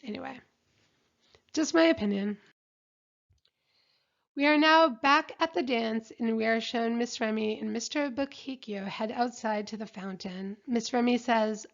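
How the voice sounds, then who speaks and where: A woman's voice: fairly high pitch, a little slow, gravelly, long pauses. A woman recapping a reality show episode in a chatty, opinionated way. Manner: chatty and opinionated, reads out quotes. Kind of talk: casual episode recap narration. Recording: dull lo-fi recording.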